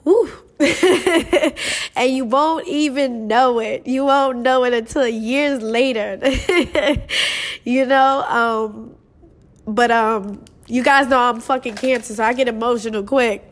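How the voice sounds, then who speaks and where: A woman's voice: fairly high pitch, slow pace. A young woman hosting her own podcast, talking straight to listeners in an earnest, emotional, casual way, swearing freely and calling them "you guys". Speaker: podcast host. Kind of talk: motivational casual podcast monologue.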